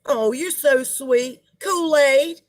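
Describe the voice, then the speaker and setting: A middle-aged woman hosts a live stream, chatting and gossiping while she greets viewers by name. Her voice sits a little high, and she talks at an unhurried pace. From United States. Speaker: livestream host.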